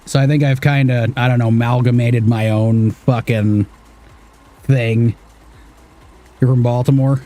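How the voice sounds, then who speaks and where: Unhurried and warm, pausing often, this medium-pitched, steady voice comes from a gaming streamer in his thirties from Washington State. He gives casual commentary on an off-road driving game, muttering to himself and swearing now and then.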